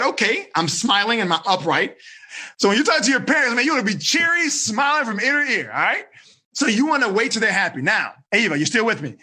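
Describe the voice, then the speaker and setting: A man coaching teenagers in an animated classroom style, acting out conversations and quizzing his students. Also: very high voice. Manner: animated, acts out dialogues, asks thumbs up or down. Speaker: teen life coach.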